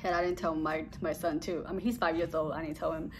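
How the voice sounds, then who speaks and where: Young woman, casual storytime vlog, rambling and giggly, lowish voice. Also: level tone, fast, background noise. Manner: rambling, giggly, trails off with blah blah blah. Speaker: vlogger.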